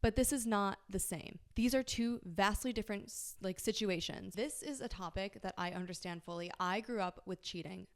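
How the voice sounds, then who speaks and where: A woman's voice: mid-range voice, normal speed, hardly any pauses. A woman hosting a podcast, reading out listener questions and giving candid, emphatic relationship advice in a casual chat, swearing freely. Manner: emphatic, reassuring. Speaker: podcast host.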